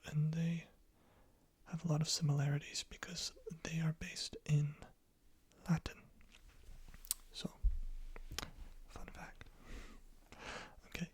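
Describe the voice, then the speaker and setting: A man giving a whispered ASMR lesson into a close microphone, speaking gently and patiently and repeating each word softly. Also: on the high side, no room sound. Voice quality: whispered, breathy. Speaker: ASMR creator teaching French words.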